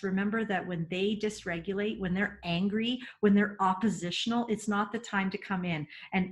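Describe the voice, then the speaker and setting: In a webinar, a middle-aged woman offers parenting advice in an earnest, emphatic way. Her pitch stays in a middle range, she laughs easily, and she often doubles back on her words.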